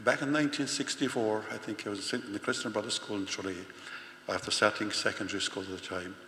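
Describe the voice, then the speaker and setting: Older priest in an echoey church. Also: male voice, fairly low pitch, steady tone, bright, forceful tone. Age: 60s. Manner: halting, repeats words, rising emphasis. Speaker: parish priest. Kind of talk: funeral homily. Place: large church. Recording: echoey church with long reverb, faint hum.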